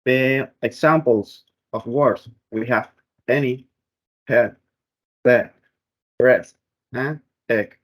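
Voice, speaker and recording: A man talks through a class presentation on pronunciation at an unhurried pace. His voice sits at an ordinary middle pitch. He explains step by step and often restarts a phrase before going on. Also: low-quality recording. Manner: slow, careful explaining with frequent restarts. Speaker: student presenter.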